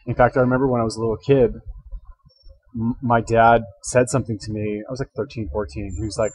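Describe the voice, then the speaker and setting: A man's voice: mid-range voice, level tone, fast, darkish tone, breathy edge, no echo, poor audio. A man hosting a reaction video, thinking aloud in casual commentary, rambling and correcting himself as he goes, speaking into a headset.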